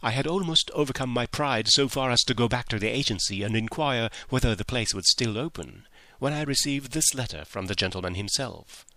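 A man narrating a classic story in the first person, measured and expressive, in the style of an audiobook. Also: medium pitch, no echo.

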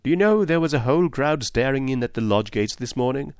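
A man reading an audiobook plays an agitated, proud country gentleman who blusters and pleads by turns, raising his voice. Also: mid-range voice, animated, brisk, clean tone, no room sound, clean studio sound, voice pushed up, natural voice. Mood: grumbling.

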